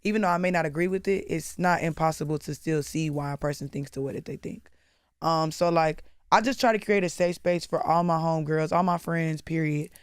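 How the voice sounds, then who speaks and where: A woman's voice: low voice, steady tone, brisk, clean tone, dry recording, clean studio sound. A woman rapper as interview guest, talking candidly in casual chat, swearing freely and turning dramatic at times. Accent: Southern US.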